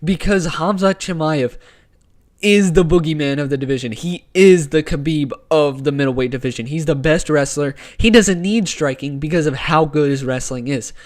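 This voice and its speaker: A man's voice: a little high, moderate pace. An opinionated man chatting casually on a live sports stream, his voice sitting a bit above the usual range. He jumps between hot takes with slangy enthusiasm, close to a wired desk microphone. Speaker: host of a sports talk stream. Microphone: desk microphone with wire.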